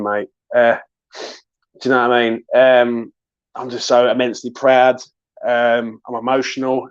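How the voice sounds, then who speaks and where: A man hosting an excited fan chat after a match, emotional and sweary, calling everyone mate and bruv. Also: medium pitch, no echo, lo-fi sound. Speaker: fan channel host.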